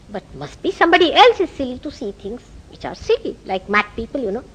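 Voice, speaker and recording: Give me an Indian woman teacher in a meeting hall, animated and storytelling, with a bright high voice. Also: fast talker, hardly any pauses, husky. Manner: animated storytelling with rhetorical questions. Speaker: spiritual teacher. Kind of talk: public spiritual talk.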